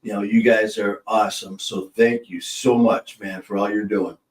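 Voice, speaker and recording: A man co-hosting a casual livestream, rambling warmly between corny jokes and shout-outs to viewers. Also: lowish voice, little pitch movement, normal speed, roomy sound, recorded from a distance, rough recording. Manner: rambling, joke-telling, laughs easily. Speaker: livestream co-host.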